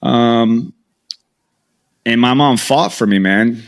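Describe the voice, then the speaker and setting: A man's voice: medium pitch, takes it slowly. A man in his thirties, a podcast guest, candidly retelling his past in an emotional, story-driven way with lots of quoted dialogue. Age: 30s. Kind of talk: storytelling interview.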